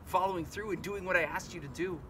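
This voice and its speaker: A man voicing a kind, patient father bear in a children's story, speaking in a calm, steady, encouraging way. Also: high voice, fast, slight background noise. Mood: gentle.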